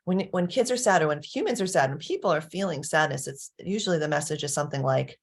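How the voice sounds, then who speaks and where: A woman's voice: deep voice, animated, fast talker, hardly any pauses, slightly rough. A woman giving a casual parenting lesson in a chatty way, laughing often and checking in with her listeners. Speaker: parenting coach. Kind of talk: casual teaching talk.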